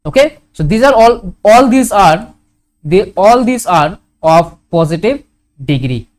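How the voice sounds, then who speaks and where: A man with an Indian English accent teaching a grammar lesson, going slowly and repeating his examples, often asking a question and then answering it himself. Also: high voice, very animated, darkish tone. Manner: slow, repetitive, asks questions and answers them.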